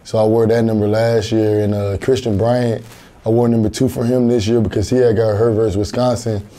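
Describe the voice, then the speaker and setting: Earnest young man, flat dark voice. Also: lowish voice, brisk. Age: young adult. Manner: earnest, plain-spoken, repeats words as he thinks. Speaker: college football linebacker. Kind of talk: TV interview answers.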